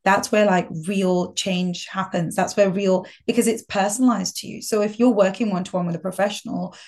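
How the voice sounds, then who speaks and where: Woman guest psychologist, thoughtful, affirming, middle-pitched voice. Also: fairly even intonation, normal speed, a little mellow. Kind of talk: casual chat.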